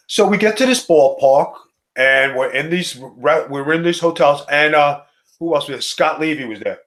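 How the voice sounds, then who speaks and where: A middle-aged man from Staten Island, telling a profane, animated wrestling story in a casual chat. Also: on the high side, moderate pace. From Staten Island, New York. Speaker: co-host, former wrestler.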